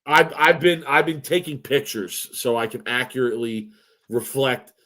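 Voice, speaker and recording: A man's voice: medium pitch, level tone, normal speed, sharp tone. Podcast guy bragging and ribbing people, normal mid voice, joking around. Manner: boastful, playful trash talk. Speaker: podcast co-host. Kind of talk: casual chat.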